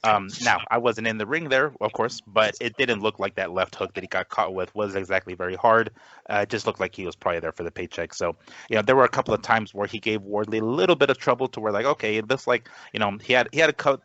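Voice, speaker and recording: A man co-hosting a boxing podcast, talking casually and haltingly with many fillers. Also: fairly low pitch, fairly bright tone, no room sound, dull audio. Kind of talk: casual sports talk.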